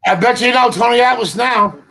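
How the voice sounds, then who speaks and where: A man's voice: very high voice, brisk, a crowd in the background. A man, a wrestler guest, teasing and boisterous in a casual chat.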